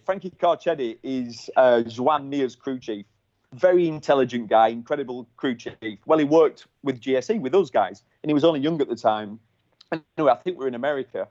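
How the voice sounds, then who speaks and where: A man in a relaxed conversation, telling anecdotes with energy and dropping casual swear words. His voice sits at a middle pitch, and the recording is dry and a little dull. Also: no echo. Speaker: podcast host, former racer. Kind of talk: casual storytelling chat.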